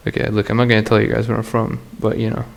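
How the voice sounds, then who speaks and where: Fairly low and full of vocal fry, this man's voice stays completely flat as he talks very fast. He hosts his own podcast alone, rambling crudely in slang and laughing often.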